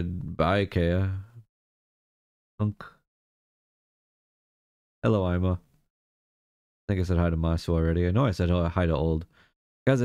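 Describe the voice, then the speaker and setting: A man's voice: low voice, darkish tone, clean tone, dry recording, clean studio sound. A man streaming live, chatting casually and greeting viewers one by one. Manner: chatty, greets viewers by name, laughs easily.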